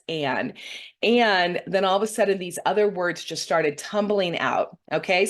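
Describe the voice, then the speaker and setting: Lower-voiced woman, earnest rambling storyteller. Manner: meandering, earnest storytelling with frequent "okay?" and "right?"; heartfelt, openly moved. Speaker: intuitive reader hosting a weekly show. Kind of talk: casual spoken recounting of a meditation vision to viewers.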